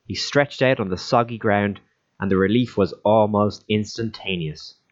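Male audiobook narrator, lowish pitch, steady telling, muffled sound. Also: normal speed. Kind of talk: audiobook storytelling. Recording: dull lo-fi recording.

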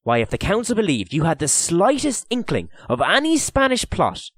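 A man's voice: high voice, huge pitch swings, moderate pace, a bit bright, slightly rough, no echo, pitched above the performer's own voice, full character voice. A man voicing a kindly, patient official. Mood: stern. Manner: earnest, sorrowful pleading. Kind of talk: audiobook character voice.

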